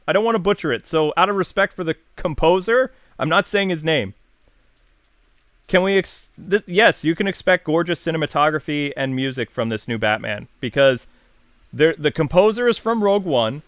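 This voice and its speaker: Smooth-voiced chatty man. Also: fairly high pitch, fairly bright tone, no room sound. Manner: chatty and enthusiastic, with frequent fillers and self-corrections. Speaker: YouTube host. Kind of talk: casual commentary answering viewer chat questions.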